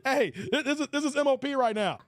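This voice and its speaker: A man hosting a casual livestream, reading chat comments in an animated way, with stuttered repeats and frequent laughter. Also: very high-pitched, quick pace, no room sound, clean studio sound. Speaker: livestream host.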